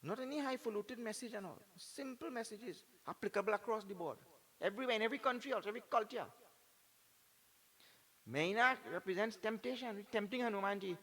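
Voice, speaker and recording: A man giving a spiritual discourse, animated and full of rhetorical tag questions like "correct or not?". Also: sits high, fairly quick. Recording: hall reverb with faint music behind.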